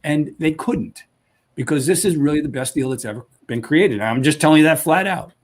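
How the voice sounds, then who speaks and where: A man with a slightly raised voice pitches his company with real enthusiasm, firing off short emphatic lists. He sounds salesy and sure of himself. The audio comes through a video call. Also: normal speed. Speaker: company founder pitching to sellers.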